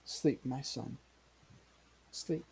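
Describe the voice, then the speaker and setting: A man voicing a grieving village mother who speaks in halting, stammering bursts. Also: mid-range voice, creaky, a little mellow, a little hiss or hum. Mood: stunned grief.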